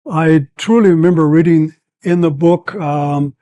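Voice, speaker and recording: An older man in his seventies tells long stories as a podcast guest. He rambles with plenty of fillers but stays animated, in a voice that sits a bit high for a man. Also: measured pace. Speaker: guest, former combat medic. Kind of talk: storytelling in a podcast interview.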